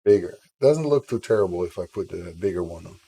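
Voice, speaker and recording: Husky low-voiced man streaming live. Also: lively intonation, fairly quick, mellow, rough recording. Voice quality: husky from a sore throat. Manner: self-deprecating, chats with viewers while drawing. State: sore throat. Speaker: game developer streaming his work. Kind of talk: casual live stream chat.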